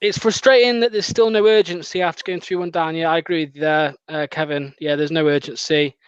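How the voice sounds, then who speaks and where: A man's voice: a little high, fairly even intonation, brisk, smooth, no echo. A man hosting a live football watchalong, chatting casually and hesitantly with plenty of fillers and laughs. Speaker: fan channel host. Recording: dry, dull lo-fi sound.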